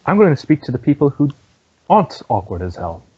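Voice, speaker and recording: A man voicing a flustered, snippy female shopkeeper who talks in a haughty, dismissive and rushed way. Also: extremely low pitch, big pitch swings, darkish tone, breathy edge, voice pushed up, exaggerated voice. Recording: dull lo-fi sound.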